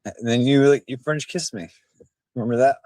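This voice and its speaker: A tipsy man walks through town streets live streaming on a handheld phone, rambling and trading rowdy banter with his chat. His voice is medium-pitched, brisk and a little mellow, and the recording is dry.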